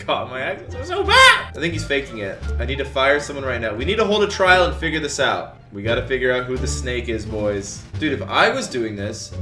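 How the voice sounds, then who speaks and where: Young man, casual gaming commentary, chatty, fairly high voice, roomy echo, music behind. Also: sharp tone. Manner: chatty, talks to viewers as guys. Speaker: gaming YouTuber.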